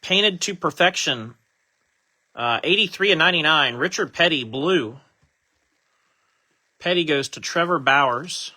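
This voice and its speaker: A man's voice: on the high side, expressive, unhurried, long pauses, sharp tone. A man hosting a live trading-card break, casually chatting while he reads out each card he pulls.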